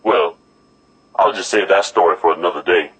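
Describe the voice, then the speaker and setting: Lower-voiced man lecturing as a Navy chief. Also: normal speed, fairly bright tone, husky, rough recording. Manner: rhetorical, lecturing. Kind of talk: scripted comedy dialogue.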